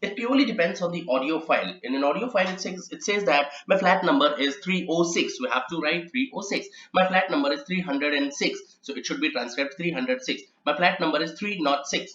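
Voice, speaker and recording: A man's voice: on the high side, a little fast, hardly any pauses, a bit bright. A man gives an instructional lecture on transcription rules, explaining patiently and spelling out each example. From India. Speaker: transcription trainer. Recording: echoey, slightly muffled room recording.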